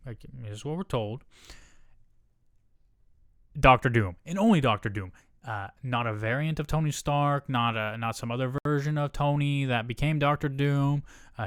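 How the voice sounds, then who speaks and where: A man's voice: medium pitch, a bit bright, clear, resonant tone, dry recording, studio quality. A man hosting a casual entertainment news commentary, with sarcastic and profane asides. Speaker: host.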